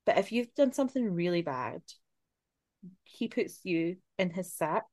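Her pitch is fairly low and her intonation lively as she speaks a little slowly, with a slightly mellow quality and no echo. She's a Scottish podcast co-host telling spooky folklore in casual chat, swearing freely and laughing along the way.

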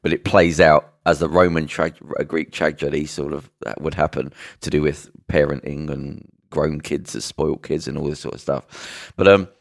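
Deep gravelly guy rambling on a podcast, lots of ums. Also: fairly even intonation, no room sound, studio quality. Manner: rambling, halting retelling with many fillers and restarts. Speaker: podcast co-host. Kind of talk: casual chat.

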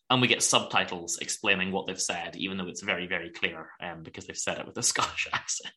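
A man's voice: low voice, brisk, pushed and bright. A man co-hosting a podcast, casually retelling a TV episode and laughing often as he goes. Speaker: podcast co-host. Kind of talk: casual chat recapping a TV episode.

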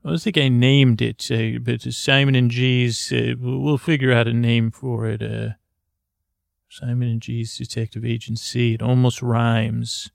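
A man improvising a meandering story in a soft, halting way, full of fillers and restarts. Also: mid-range voice, flat delivery, gravelly, no room sound, studio quality. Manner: soft, drowsy and gentle. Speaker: storyteller narrating as a character. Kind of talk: improvised rambling bedtime-style storytelling.

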